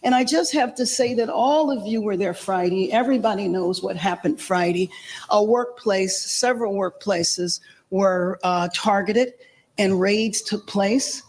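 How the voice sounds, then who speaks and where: A woman in a played news clip, speaking in a slow, measured public statement. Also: mid-range voice, a little mellow, poor audio.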